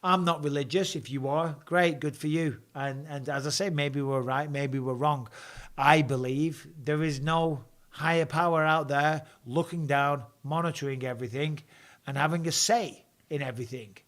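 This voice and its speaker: A man's voice: a little high, steady tone, normal speed, fairly bright tone. A man hosting a live stream from home, chatting casually in a blunt, jokey way.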